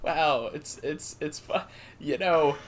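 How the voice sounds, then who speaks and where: A man's voice: on the high side, takes it slowly, a little hiss or hum. Playful young man co-hosting a podcast. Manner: playful, mock-announcer delivery, stammers and restarts. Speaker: podcast co-host. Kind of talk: casual comedic chat.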